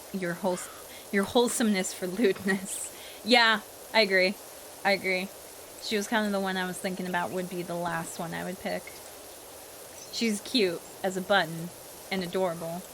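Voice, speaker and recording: A woman's voice: lowish voice, a bit bright, a little hiss or hum. A young woman streamer and voice actor in casual livestream chat, answering chat and acting out characters as she plays.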